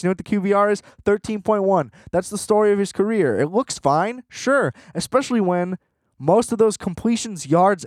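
A man's voice: sits high, a little mellow, no echo, studio quality. Profane, fired-up man ranting about football. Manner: frustrated, profane, rambling with lots of fillers. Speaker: sports podcast host. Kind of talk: casual sports rant.

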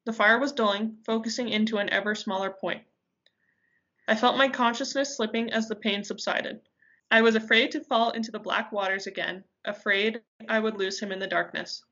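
A woman reading a dramatic story aloud with intensity, pausing now and then to correct herself. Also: a little high, steady tone, bright, forceful tone, highs cut off. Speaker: reader. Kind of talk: amateur audiobook reading.

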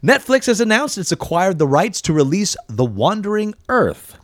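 Chatty male podcast co-host reading news, swinging pitch, dry close mic. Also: sing-song, normal speed, dry recording. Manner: chatty, laughs between lines, swears casually.

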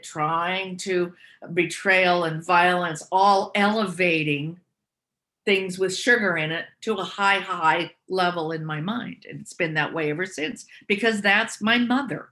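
Bright-voiced woman telling personal stories. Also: on the low side. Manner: candid, self-reflective. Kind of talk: personal storytelling.

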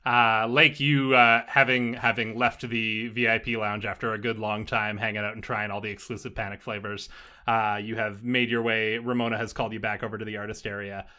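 A man's voice: lowish voice, little pitch movement, fairly quick, sharp tone. Rambling man running the game. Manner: loose, rambling, with many fillers. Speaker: game master. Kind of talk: narrating a tabletop game.

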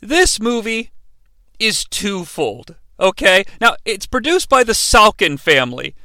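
A man in his forties hosting a comedic bad-movie review show, sarcastic, profane and excitable. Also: sits high, unhurried, dry recording.

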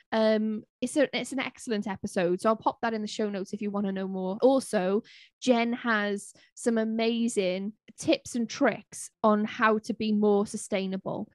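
A woman's voice: mid-range voice, fairly even intonation, moderate pace, dry recording. A woman co-hosting a podcast, talking in an impassioned, rambling, chatty way. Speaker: podcast co-host. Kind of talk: casual podcast chat.

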